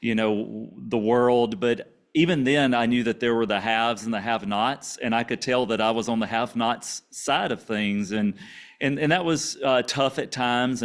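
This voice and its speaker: A man from Louisiana with a country Cajun accent mixed with Texas twang, telling his life story as a podcast guest in a relaxed, rambling way with many fillers. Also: medium pitch, moderate pace, smooth. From Louisiana, USA. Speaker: guest, author and coach. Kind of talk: storytelling interview.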